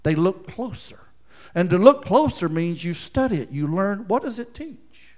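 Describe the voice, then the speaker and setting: A man preaching a sermon as pastor, moving between loud emphatic points and quiet, chuckling asides. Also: high-pitched, sing-song, moderate pace.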